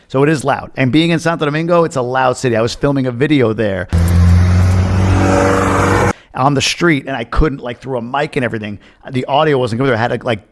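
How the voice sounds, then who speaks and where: Chatty American man reacting to a clip. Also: mid-range voice. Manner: candid, chatty, mimics loud talk. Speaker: reaction video host. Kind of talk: casual reaction commentary.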